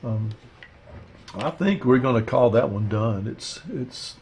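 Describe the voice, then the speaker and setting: A man teaching a watercolor painting demo, talking through his steps in a relaxed, rambling way with lots of fillers. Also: medium pitch, slow pace, a little hiss or hum. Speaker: art instructor. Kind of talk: casual painting demonstration.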